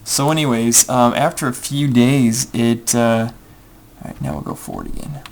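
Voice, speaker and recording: A young man tells a long, rambling story while he plays a game, stopping often to mutter his next moves under his breath. His voice has a gravelly edge at a middle pitch. Keyboard typing can be heard behind him. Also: normal speed. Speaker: gameplay video creator. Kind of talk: casual storytelling over gameplay.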